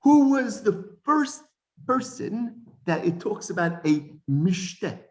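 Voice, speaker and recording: A man's voice: high-pitched, very animated, slow pace. A male teacher giving a classroom lesson, explaining points, quizzing the class with questions and wandering into asides as he corrects his own wording.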